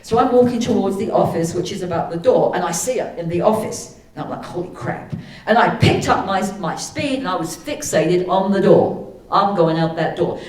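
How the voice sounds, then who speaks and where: A woman giving a sermon, telling a personal story, then leading a slow, soothing guided meditation. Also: fairly low pitch, a little mellow. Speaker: spiritual speaker. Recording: echoey hall from far off.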